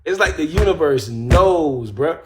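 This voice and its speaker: A man's voice: on the high side, expressive, measured pace, over music. Guy on a live stream, laid back, cussing, chatting with viewers. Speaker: live-stream host and rapper. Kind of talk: casual storytelling on a live stream.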